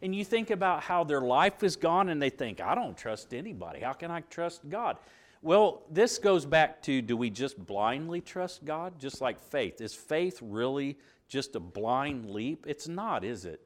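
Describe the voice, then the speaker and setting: A man's voice: a little high, expressive, a little slow, hardly any pauses. A middle-aged man teaching a Bible lesson in sermon style, asking rhetorical questions and acting out quoted voices. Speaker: preacher teaching a Bible class.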